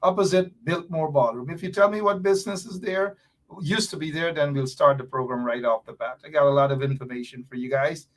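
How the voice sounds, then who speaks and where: A man hosting a live-stream political commentary show, animated and repetitive, teasing his viewers. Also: on the high side, a little fast. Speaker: show host.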